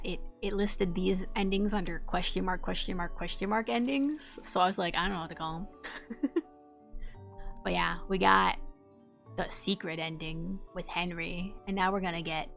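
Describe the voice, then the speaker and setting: A woman chatting casually on a livestream as she plays a game, bubbly and quick to giggle, warmly greeting her viewers. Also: fairly low pitch, faint music behind. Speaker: streamer playing a game.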